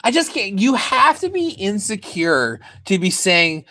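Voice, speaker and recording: A woman co-hosting a live, casual recap chat about a TV show, sarcastic and quick to giggle. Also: medium pitch, very animated, bright, forceful tone, no room sound, studio quality.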